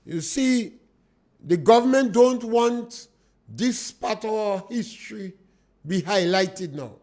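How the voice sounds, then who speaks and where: A man's voice: high voice, animated, slow pace, darkish tone. A man with a Grenadian accent hosting a call-in political talk radio show in a studio, speaking emphatically and asking rhetorical questions.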